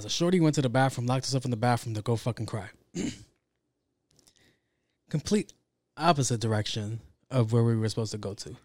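A man's voice: medium pitch, a little fast, dry recording, clean studio sound. A young man telling a story from work in a casual, profane, slangy way, acting out what people said. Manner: profane, slangy, animated with acted quotes.

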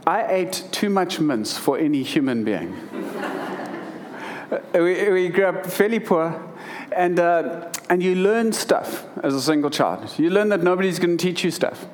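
A pastor in his thirties delivers a sermon in a slightly higher-than-average male voice. He moves from a scripture reading into heartfelt personal storytelling, often restarting his sentences. A faint hiss sits underneath. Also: lively intonation, measured pace. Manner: earnest, emotional personal storytelling with repeated restarts.

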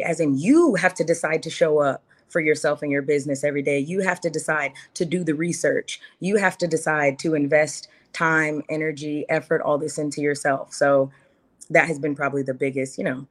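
A woman in her thirties talks fairly quickly in a low voice during a casual podcast interview. Her heartfelt, animated delivery includes quotes she performs in her own phrasing.

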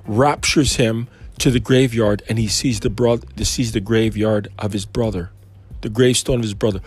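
A man's voice: medium pitch, moderate pace, a little mellow, breathy edge, soft background music. A man giving an informal Christian talk, wandering into conversational asides. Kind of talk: informal preaching.

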